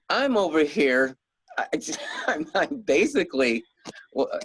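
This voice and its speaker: A man's voice: on the high side, big pitch swings, a little slow, fairly bright tone, breathy edge, rough recording. A middle-aged man being interviewed as an author, rambling in a casual way with frequent chuckles and restarts. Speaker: guest author.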